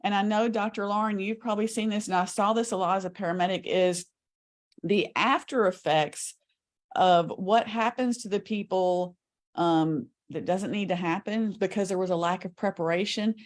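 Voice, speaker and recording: A woman's voice: mid-range voice, normal speed. Earnest woman telling a story on a show. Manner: animated storyteller, earnest, talks with shifting speed. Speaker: guest. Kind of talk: casual interview storytelling.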